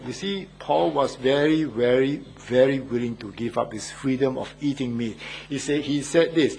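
A man's voice: medium pitch, moderate pace, gravelly, hardly any pauses, a little mellow. An older man, a church elder, preaching an earnest sermon and asking his listeners questions. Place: Australia.

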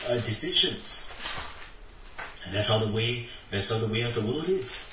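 A man's voice: normal speed, long pauses, background noise. A man preaching a sermon, acting out the quoted words in a raised voice. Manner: animated, acts out quotes with raised pitch. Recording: echoey hall from far off.

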